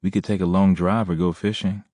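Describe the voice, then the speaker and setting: A man's voice: sits low, level tone, fairly quick, a little mellow, no echo, studio quality, pitched above the performer's own voice. A man reading an audiobook, voicing an eager, affectionate young mother with a sweet, familiar manner. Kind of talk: audiobook character voice.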